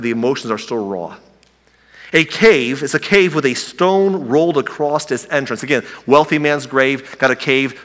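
Bright-voiced preacher in a reverberant hall. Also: male voice, mid-range voice. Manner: conversational, humorous storytelling. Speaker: pastor. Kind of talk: sermon. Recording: long reverb of a large hall.

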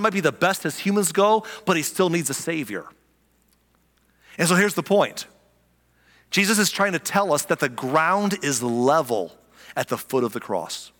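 Man, pastor, lively conversational sermon, slightly high voice, long hall reverb. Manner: animated, conversational, repeats for emphasis.

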